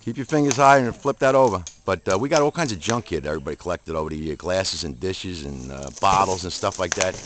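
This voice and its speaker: A man's voice: low voice, lively intonation, fast talker, few pauses, fairly bright tone. A middle-aged man with a New Jersey accent, casually chatting and joking as he films around an outdoor shooting range. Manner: chatty, jokey, friendly banter. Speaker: event host filming a tournament. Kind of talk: casual walk-around narration. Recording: noisy outdoor camera audio.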